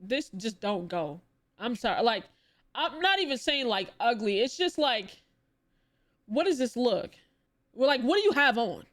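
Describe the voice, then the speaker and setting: Animated swearing woman streamer. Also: a little high, measured pace. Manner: animated, exclaiming, swearing, rhetorical questions. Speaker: streamer reacting to a video. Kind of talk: casual live-stream reaction.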